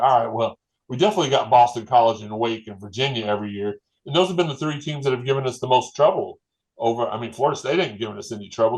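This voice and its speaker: A man's voice: mid-range voice, poor audio. Rambling man. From Louisville, Kentucky. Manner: rambling, self-correcting, folksy. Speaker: guest fan commentator. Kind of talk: casual sports podcast chat.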